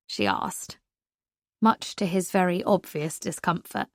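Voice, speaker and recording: A woman's voice: medium pitch, big pitch swings, unhurried, no room sound, studio quality. Woman narrating a romance audiobook.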